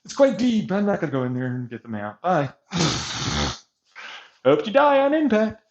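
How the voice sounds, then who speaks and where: A man ranting with profanity over gameplay, swinging between shouted mockery and low mutters. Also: very animated, moderate pace, muffled recording.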